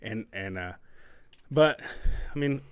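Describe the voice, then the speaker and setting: This is a man with a lower voice chatting on a podcast, emotional as he tells a personal story. He stumbles and restarts often and swears freely. The sound is dry and close, with no room around it. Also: animated, smooth, no room sound. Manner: halting, full of restarts and swearing. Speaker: podcast co-host. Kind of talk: casual storytelling chat.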